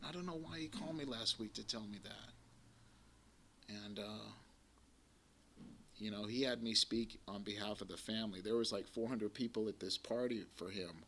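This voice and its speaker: A man's voice: lowish voice, normal speed, long pauses, pushed and bright. Guy in his 40s sharing at a recovery meeting, blunt and cussing, rambles on, faint noise in the back. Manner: blunt, profane, rambling storyteller. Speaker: AA meeting speaker. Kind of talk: personal recovery share to a live audience. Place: community center meeting room. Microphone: live recording of a talk to an audience.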